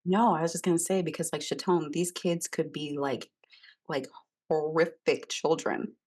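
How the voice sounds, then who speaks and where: A woman podcast co-host telling a personal story in a casual, animated way, laughing often and filling her talk with "like". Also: low-pitched, moderate pace.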